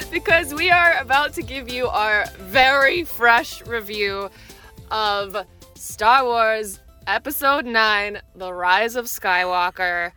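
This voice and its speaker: A woman's voice: a little high, slow pace, pushed and bright, soft background music. A young adult woman co-hosting a podcast in a casual chat, bubbly and laughing, recorded on a phone inside a parked car. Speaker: podcast co-host.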